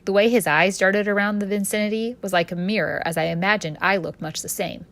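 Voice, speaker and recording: A woman author narrating her own story in first person, expressive and storytelling in tone. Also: mid-range voice, fairly quick, vocal fry. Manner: expressive storyteller, voicing a cheeky street boy.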